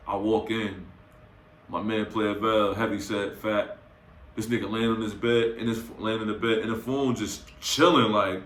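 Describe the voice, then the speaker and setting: A young man telling a wild night-out story in a bright, forceful voice, slipping into quoted lines with plenty of swagger. His speech is loose and full of slang. The recording carries a noticeable roomy echo. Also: on the low side. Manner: animated, slangy, acts out quotes. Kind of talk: casual storytime anecdote.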